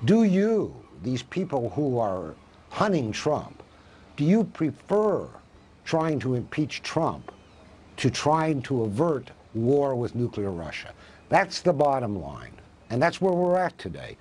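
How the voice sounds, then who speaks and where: Husky, animated male professor guest. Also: mid-range voice, takes it slowly. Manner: impassioned, asks rhetorical questions. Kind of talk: live TV news interview.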